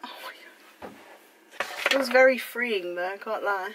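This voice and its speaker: A woman's voice: mid-range voice, normal speed, background noise. A young woman vlogging at home, flustered and exclaiming in disbelief as she swears her way through cutting her hair. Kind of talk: casual vlog.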